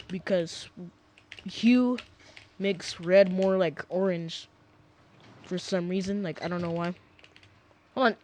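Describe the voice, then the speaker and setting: A man's voice: sits high, a little mellow, slight background noise. A young man casually rambling through gameplay commentary at home, often sidetracked and full of fillers. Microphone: desk mic.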